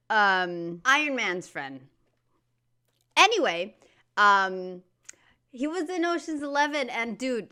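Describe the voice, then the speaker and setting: A young woman from the States talks over a clip she's reacting to. Her voice is bright and sits a little high. She rambles in a casual way, full of "like" and "dude", and laughs a lot. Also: clear, resonant tone. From United States. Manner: chatty, laughs often, says "dude" and "like". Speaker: reaction video host.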